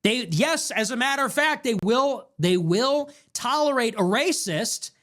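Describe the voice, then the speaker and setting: Impassioned young man ranting, lively pitch. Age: young adult. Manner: impassioned ranting, rapid rhetorical questions. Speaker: show host. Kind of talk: political commentary monologue.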